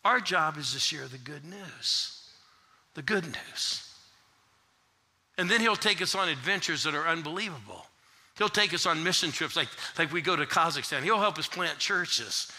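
A middle-aged male pastor preaching to a congregation in a church. His voice sits high and rings very bright and forceful. He swings between shouted call-and-response and hushed storytelling. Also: expressive, moderate pace. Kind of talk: sermon.

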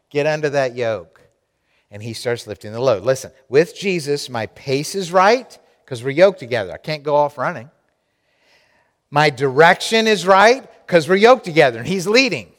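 A man's voice: mid-range voice, normal speed, fairly bright tone, big-room sound. A man preaching a sermon to his congregation, emphatic and direct, repeating key lines for effect. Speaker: pastor.

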